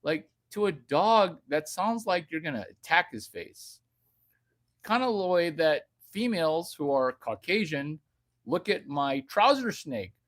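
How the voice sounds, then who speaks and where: A man delivering a rambling, crude comedic rant, jumping from loud bursts to hushed baby talk. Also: on the high side, expressive, a little slow. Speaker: vlogger.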